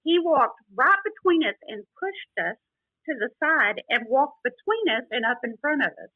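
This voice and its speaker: A woman's voice: high voice, very animated, normal speed, no echo, narrow, tinny audio. A woman from Texas, a book author and podcast guest, telling backstage stories in a chatty way with frequent laughs and many "you know"s. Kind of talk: casual storytelling interview.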